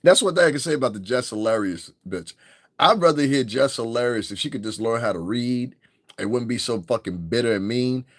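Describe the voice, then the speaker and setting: A man's voice: medium pitch, expressive, fairly quick, no room sound, studio quality. A man hosting his own podcast, talking in a blunt, profane, rambling commentary. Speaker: podcast host. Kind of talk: casual commentary monologue.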